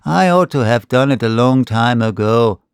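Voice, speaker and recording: A man's voice: medium pitch, lively intonation, moderate pace, smooth, no room sound, studio quality, lightly acted. A man doing a cold outlaw's mild drawl. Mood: brooding.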